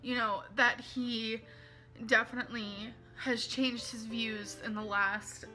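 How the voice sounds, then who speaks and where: A woman's voice: fairly high pitch, little pitch movement, takes it slowly, sharp tone, faint music behind. A woman in a confessional vlog, earnest and emotional, reading out messages and talking them through. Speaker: vlogger.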